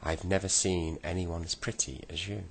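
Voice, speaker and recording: A man's voice: deep voice, moderate pace, vocal fry, breathy edge, exaggerated voice. A man doing a vain garage rabbit. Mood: friendly. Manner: vain and flattering.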